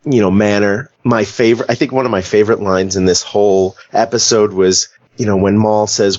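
Deep-voiced hesitant man, dry lo-fi sound. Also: steady tone, brisk, hardly any pauses, darkish tone, no echo. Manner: hesitant, searching for words. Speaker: podcast co-host. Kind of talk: casual discussion.

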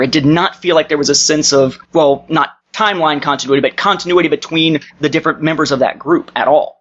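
A man's voice: fairly high pitch, a little fast, hardly any pauses, a bit bright, muffled recording. A man co-hosting a podcast, talking in a rambling, analytical way with many fillers. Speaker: podcast co-host. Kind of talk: casual discussion.

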